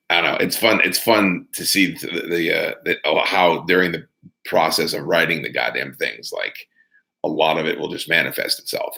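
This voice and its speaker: A man's voice: very deep voice, gravelly, sharp tone. A man talking casually and at length in a solo podcast episode, rambling with lots of fillers and frequent swearing. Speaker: podcast host and band member.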